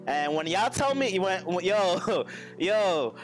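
A man's voice: high voice, expressive, slow. Joking streamer man over music. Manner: crude, joking, laughs often, talks to chat. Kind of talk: casual live-stream chat while building a model kit. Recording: music playing underneath.

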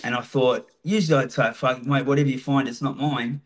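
A man's voice: medium pitch, fairly even intonation, fairly quick. An Australian man telling stories casually as a podcast guest, swearing freely. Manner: swears freely, laid-back. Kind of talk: casual storytelling.

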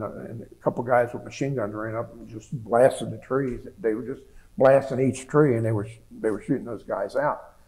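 A man's voice: mid-range voice, gravelly, darkish tone, rough recording. A man in his seventies, a veteran giving an oral history interview, telling his story plainly with frequent restarts and repeated words. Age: 70s.

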